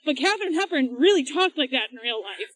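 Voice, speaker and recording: A woman's voice: high-pitched, expressive, a little fast, dry recording, low-quality recording. A woman co-hosting a podcast, chatting and explaining things at length with laughs while out running. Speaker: podcast co-host. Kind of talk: casual chat while running. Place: outdoors, on a run.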